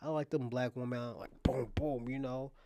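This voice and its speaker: A man's voice: mid-range voice, fairly even intonation, normal speed, warm tone, no room sound. Guy hosting his own commentary stream, blunt and emphatic, dry close sound. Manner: blunt, emphatic, with repeated restarts. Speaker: commentary show host. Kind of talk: casual ranting commentary.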